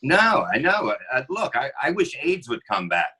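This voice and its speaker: A man rants crudely and in exasperation as a podcast guest. His voice is bright and pushing, yet husky and a little raspy. He sounds like a comic working up a bit. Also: mid-range voice, huge pitch swings, moderate pace, poor audio. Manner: profane, ranting, exasperated. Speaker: guest comedian.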